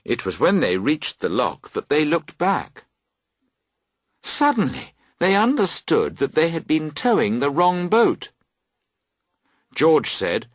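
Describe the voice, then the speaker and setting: A man reads a classic story aloud for learners, slow and deliberate, his pitch swinging widely to dramatize each turn. His voice is husky and recorded dry and close. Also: no echo. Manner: slow, clear, very expressive. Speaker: audiobook reader. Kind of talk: scripted storybook narration for learners.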